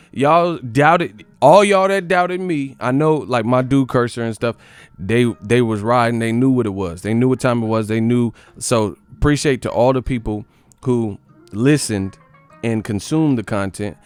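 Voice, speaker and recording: An American man hosting a boxing live stream, ranting in an animated, mocking, trash-talking way. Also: fairly low pitch, clear, resonant tone. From United States. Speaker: boxing channel host.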